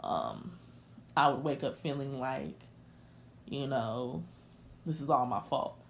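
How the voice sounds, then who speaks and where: A woman's voice: a bass voice, slow pace, vocal fry, slight background noise. A young woman hosting a podcast, confiding a personal story in an emotional, candid rant and speaking straight to her listeners. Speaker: podcast host.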